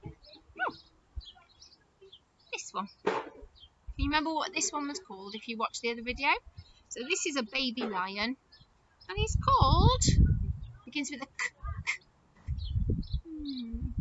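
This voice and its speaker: A woman's voice: high-pitched, lo-fi sound, noisy background. A woman leading a lesson for young children, playing with her voice in a sing-song, exaggerated way. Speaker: nursery teacher.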